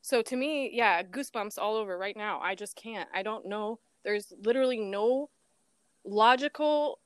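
A woman with a smooth, resonant voice, telling a painful family story over a call. She talks with feeling and acts out the voices in the exchanges she recalls. The sound is close and dry. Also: medium pitch, normal speed, dry recording. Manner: animated storytelling, acts out phone dialogue, nervous laughs. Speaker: guest, daughter of a missing woman. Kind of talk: emotional personal account in an interview.

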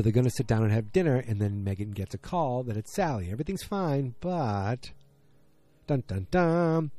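Dark-voiced man from middle America rambling. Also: lowish voice, dry recording. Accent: American Midwest. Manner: rambling, filler-heavy, acts out characters' lines. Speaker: show recapper. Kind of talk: casual recap chat.

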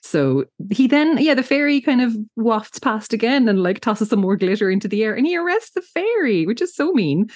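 A woman's voice: fairly high pitch, very animated, normal speed, few pauses, no room sound, clean studio sound. A woman co-hosting a podcast who gushes and giggles while retelling scenes and acting out lines. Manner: giggly, gushing, acts out character lines. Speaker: podcast co-host. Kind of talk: casual recap chat.

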